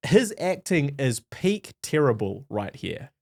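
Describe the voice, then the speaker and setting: A man co-hosting a movie podcast, opinionated and animated, swearing casually as he chats. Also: mid-range voice, measured pace. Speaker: podcast co-host. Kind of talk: casual movie-review chat.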